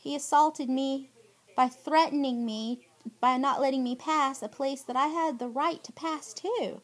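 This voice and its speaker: A woman's voice: sits high, unhurried. A middle-aged woman, giving an emphatic, aggrieved spoken statement to her viewers. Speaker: vlogger.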